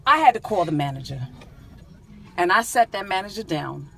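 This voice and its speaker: A woman's voice: mid-range voice, big pitch swings, normal speed, gravelly, long pauses, fairly bright tone, breathy edge. A middle-aged woman from San Diego telling a comic, indignant story in a casual vlog, talking from inside her car. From San Diego, California. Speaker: vlogger. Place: in a car, driving.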